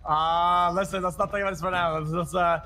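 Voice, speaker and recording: A man's voice: high voice, flat delivery, a little fast. A man in a game role-play cracking jokes, talking casually. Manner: wisecracking. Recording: loud noisy voice chat.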